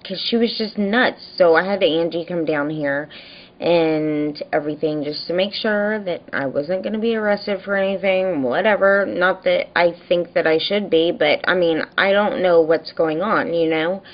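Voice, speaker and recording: The recording is muffled as a young woman with a lowish voice talks at normal speed in a casual vlog. Tired and exasperated, she animatedly tells a neighbor story, mimicking voices mockingly.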